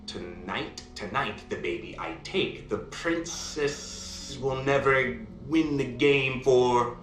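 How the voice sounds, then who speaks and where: A man voicing a scheming little male imp in a bedtime story, dropping low and sly, in a roomy room. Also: bright, forceful tone, exaggerated voice. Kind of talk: bedtime story, acted out by a parent.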